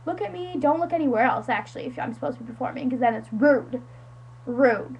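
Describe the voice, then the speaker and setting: A woman's voice: high-pitched, animated, a little fast, highs cut off, slight background noise. A teenage girl from the United States telling a friend a story in a casual, dramatic, self-mocking way, full of "like". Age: teens. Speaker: vlogger.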